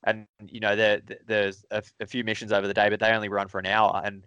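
A male host chats in an easygoing way, dropping in plenty of "like" fillers. His voice sits fairly low and comes through smooth and clear. The recording is dry, with no room sound. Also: completely flat delivery, fast, fairly bright tone, no room sound, highs cut off. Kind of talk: casual chat.

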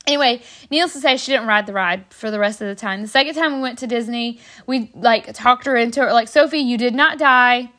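A woman's voice: on the high side, quick pace, hardly any pauses, fairly bright tone. A woman, telling stories in a rambling, chatty way on a podcast, full of fillers and restarts. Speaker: podcast host. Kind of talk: casual storytelling.

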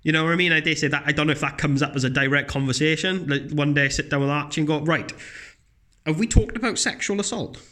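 A man with a blunt, profane, animated manner, ranting in casual comedic chat, his voice jumping high when he mocks others. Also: very fast, few pauses.

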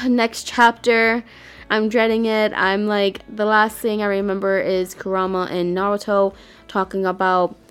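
A woman hosting a casual chat, talking in emotional, rambling bursts. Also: medium pitch. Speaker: podcast host.

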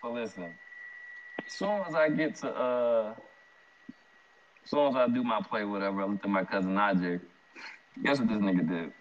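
A young man casually telling an animated, slangy story about a night out, laughing often. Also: medium pitch. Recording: dull lo-fi sound.

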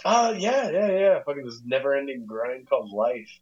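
A man's voice: medium pitch, sing-song, slightly rough, lo-fi sound. A man joining a casual podcast chat as a guest, joking around and swearing. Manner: goofy, quick to joke, swears.

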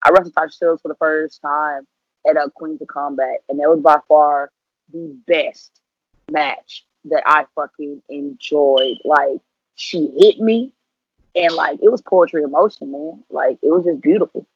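A woman's voice: low voice, fairly even intonation, unhurried, slightly rough. A woman in her thirties, a professional wrestler, chatting casually and playfully in an interview, full of slang. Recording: dull lo-fi audio.

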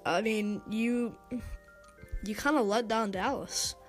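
A woman's voice: medium pitch, takes it slowly, soft background music. A young woman hosting a casual sports talk segment, hesitant, with many fillers, restarts and stumbles. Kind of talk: casual sports commentary monologue.

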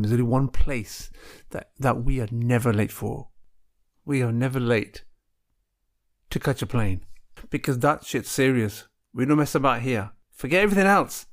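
A man's voice: medium pitch, normal speed. A man telling comic stories in a casual monologue, laughing at his own jokes and acting out little bits of dialogue.

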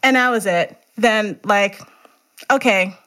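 A woman's voice: medium pitch, slow pace, bright, forceful tone. A middle-aged woman, a teacher and runner, candidly telling a personal story in conversation and laughing often.

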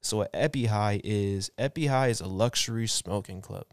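A man's voice: lowish voice, moderate pace, no echo. A man in his twenties chatting casually on a podcast, telling stories in laid-back slang. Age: 20s. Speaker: guest, clothing and smoking brand founder.

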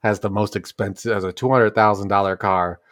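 A man's voice: fairly low pitch, brisk, dry recording, clean studio sound. A man casually bantering on a podcast with friends, joking and swearing as he tells a story. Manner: joking, profane, animated storytelling. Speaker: podcast co-host.

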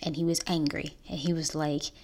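A young woman hosting a podcast, telling a painful personal story in an earnest, halting way with restarts. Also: sits low, little pitch movement, a little mellow. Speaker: podcast host.

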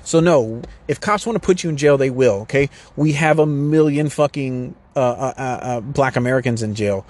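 A man's voice: mid-range voice, moderate pace, hardly any pauses, darkish tone. Profane, rambling man ranting urgently. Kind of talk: casual rant to camera.

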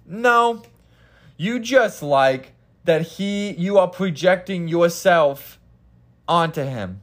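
A young man from Kansas hosts a podcast on his own, and his talking voice sits noticeably high. He rambles and swears freely, stopping often to correct himself mid-sentence. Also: animated, takes it slowly. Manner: profane, rambling, self-correcting. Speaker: podcast host. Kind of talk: casual solo podcast rant.

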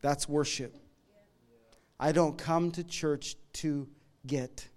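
High-voiced, unhurried man preaching. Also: fairly even intonation. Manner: conversational, humorous, swings between loud emphasis and quiet asides. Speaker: pastor. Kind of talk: sermon.

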